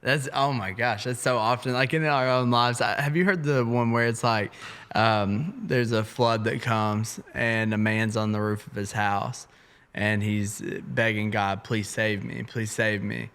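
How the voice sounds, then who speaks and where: A man's voice: mid-range voice, fairly even intonation, unhurried, a bit bright, clear, resonant tone. A young man in church ministry, talking earnestly and casually about faith, with many hesitant fillers. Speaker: church ministry podcast co-host.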